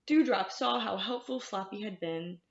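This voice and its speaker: A woman's voice: medium pitch, moderate pace, gravelly. A woman librarian reading picture books aloud to children, talking to them in a sing-song way. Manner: warm, sing-song, talks to kids. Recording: roomy, slightly dull sound.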